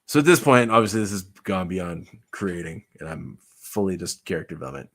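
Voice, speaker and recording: A man's voice: low-pitched, lively intonation, fairly quick, few pauses. A man making a puppet, rambling and musing aloud in casual vlog chat. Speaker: puppet maker.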